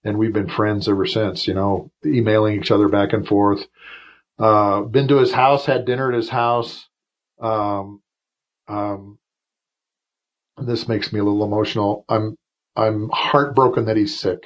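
Over poor audio, a fifties-aged retired Air Force officer shares lengthy, emotional stories as a podcast guest in a relaxed interview. His delivery is flat, low, and a little slow, full of restarts and side comments.

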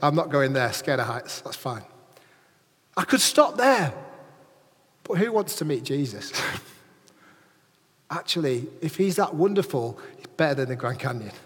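High, husky preacher in a reverberant church. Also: male voice, measured pace, pauses often. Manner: lively, chatty, asks the congregation questions. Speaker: pastor. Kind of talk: sermon.

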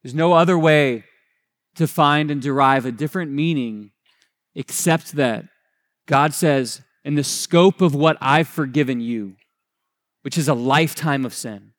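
Higher-voiced man preaching conversationally. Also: measured pace. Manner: conversational preaching with frequent restarts and self-corrections; retells scripture in casual paraphrase. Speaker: pastor. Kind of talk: sermon.

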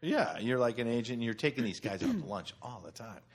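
A man's voice: medium pitch, lively intonation, fast. A man from Wisconsin telling stories in a casual chat, often laughing and acting out the people he quotes. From Wisconsin, USA. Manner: laughing storyteller who swears and acts out people he quotes. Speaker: storyteller in group chat.

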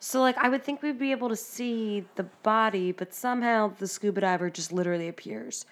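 A woman's voice: medium pitch, a little fast. A woman co-hosting a podcast in casual chat, reacting with short interjections and adding her own comments. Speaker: podcast co-host.

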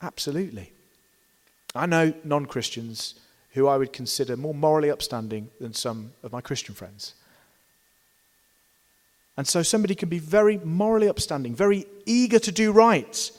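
A man preaching a sermon in a church, emphatic and dynamic, pressing hard on key words and then dropping to a hushed tone. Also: on the high side, animated, moderate pace, in a large hall. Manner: emphatic, swings between loud stresses and quiet drops.

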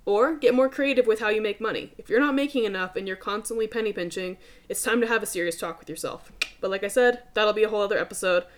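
A woman's voice: medium pitch, quick pace. Young woman, podcast host, emphatic, swears freely, casual pep talk. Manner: emphatic, swears casually, calls listeners dude.

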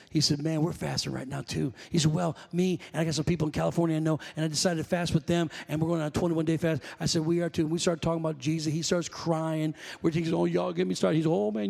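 A male pastor with a high voice preaches to his congregation, drifting into loose stories with restarts and calls for a response. The sound carries a long reverb from the church hall. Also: gravelly, a little mellow. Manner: conversational, rambling storytelling with self-corrections. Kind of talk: sermon.

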